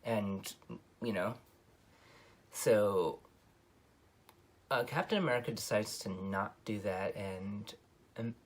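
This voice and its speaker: A man's voice: fairly low pitch, takes it slowly, pauses often. A man giving a casual, rambling film review, full of ums and self-corrections, his voice jumping up on emphatic points. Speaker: movie reviewer.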